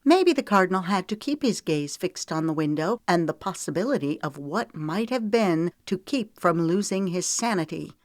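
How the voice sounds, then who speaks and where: A woman's voice: on the low side, lively intonation, moderate pace, hardly any pauses, no echo, studio quality, close to an everyday voice. A woman narrator voicing a tearful, defiant young woman in an audiobook, with a pleading, emotional delivery. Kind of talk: audiobook character voice.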